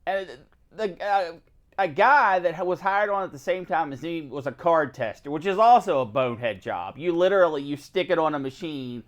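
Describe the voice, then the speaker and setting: A man chatting casually as a co-host, his pitch jumping all over as he tells stories. He acts out other people's lines with big swings in his voice. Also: expressive, moderate pace, muffled recording. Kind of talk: casual chat.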